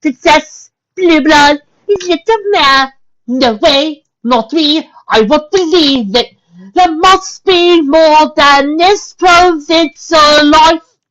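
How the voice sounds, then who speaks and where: A woman's voice: slow, fairly bright tone. A woman voicing a refined, dramatic white unicorn mare who speaks theatrically and indignantly. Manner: theatrical, indignant, high-strung. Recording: dull lo-fi recording.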